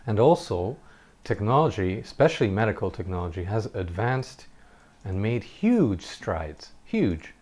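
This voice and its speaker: A man with a fairly low voice chats over gameplay footage, sharing a personal story. He sounds earnest and reflective, and he often breaks off to restart a sentence. Now and then he lets out a short laugh. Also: very animated, a little slow, a little mellow. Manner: occasional short laughs while telling a story. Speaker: gameplay commentator.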